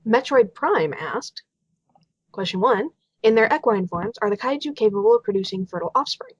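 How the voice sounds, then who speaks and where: A woman's voice: medium pitch, animated, moderate pace, slightly rough, no room sound. A woman co-hosting a casual Q&A chat, reading out reader questions in a giggly, bubbly way. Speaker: illustrator and co-host reading questions. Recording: dull home mic recording.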